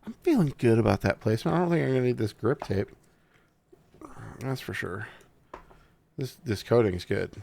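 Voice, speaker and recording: A man reviewing a gaming mouse gives casual unboxing commentary, profane, excitable, and jokey toward his audience. His voice is creaky and mid-range at normal speed, with long pauses.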